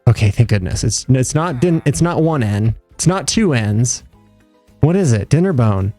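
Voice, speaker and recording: A man's voice: medium pitch, animated, moderate pace, mellow, soft background music. A young man streaming a game live, chatting casually with his viewers in a rambling, joking, self-mocking way. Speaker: livestreamer. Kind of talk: casual live gameplay chat.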